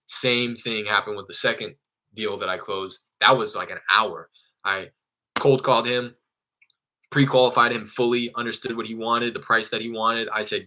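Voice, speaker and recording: A man's voice: lowish voice, fairly even intonation, moderate pace, pushed and bright, low-quality recording. A young adult man talking casually on a vlog about following up with leads, candid and conversational, sometimes acting out his phone calls. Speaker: real estate wholesaler vlogger.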